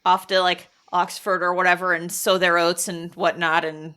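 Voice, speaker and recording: A woman co-hosting a casual book club podcast, telling her points in an animated way with frequent laughter. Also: on the low side, normal speed. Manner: animated storytelling, often laughing. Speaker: podcast co-host.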